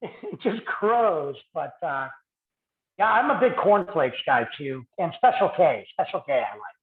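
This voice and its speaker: A man co-hosting a podcast, chatting casually with quick asides and frequent laughs. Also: on the high side, big pitch swings. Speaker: podcast co-host. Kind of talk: casual chat. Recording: roomy, tinny phone-like sound.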